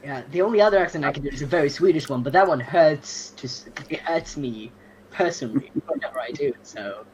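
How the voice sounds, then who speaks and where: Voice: mid-range voice, fast talker, a crowd in the background, poor audio. A tabletop player chatting casually, hesitant and self-deprecating. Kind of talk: casual chat.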